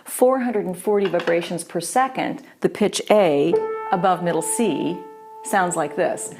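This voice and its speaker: A woman teaching a voice lesson, explaining clearly and patiently. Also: on the low side, a little slow, over music. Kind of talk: instructional voice lesson.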